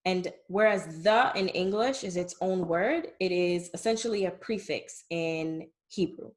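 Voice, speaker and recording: A woman's voice: lowish voice, a little slow. A woman teaching a beginner language lesson, explaining patiently and often checking in with "okay?". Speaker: Hebrew teacher.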